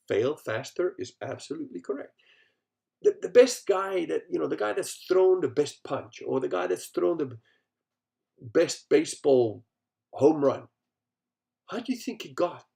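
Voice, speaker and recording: Man, middle-aged, podcast host, solo monologue, blunt, profane, lively pitch, gravelly. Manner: profane, blunt, storytelling with acted-out quotes.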